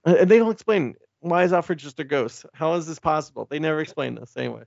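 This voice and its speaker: Man, very gravelly voice, dry close sound, loose rambling podcast recap. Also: a little high, quick pace, a little mellow, no room sound, highs cut off. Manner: rambling, loose with many fillers and asides. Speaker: podcast co-host. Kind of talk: casual comic book recap. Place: home office.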